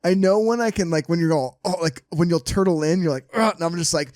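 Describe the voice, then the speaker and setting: A man's voice: on the high side, quick pace, darkish tone. A man co-hosting a podcast in casual chat, rambling and acting out quotes. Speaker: podcast co-host.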